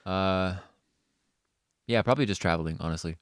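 A man's voice: low voice, normal speed, clear, resonant tone, no echo, clean studio sound. A young Canadian man co-hosting a podcast, joking around in casual chat, swearing casually and laughing often. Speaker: podcast co-host.

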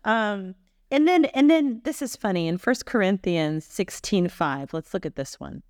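Speaking a little slowly in an animated, mid-range voice, this missionary podcast co-host works through Bible passages over a podcast microphone. The chat is casual and playful, punctuated by frequent laughs.

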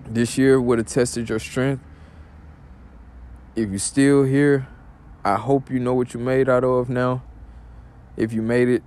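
A man's voice: mid-range voice, darkish tone. A man hosting his own podcast in a loose, rambling monologue, heavy on slang and fillers. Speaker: podcast host. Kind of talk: casual monologue.

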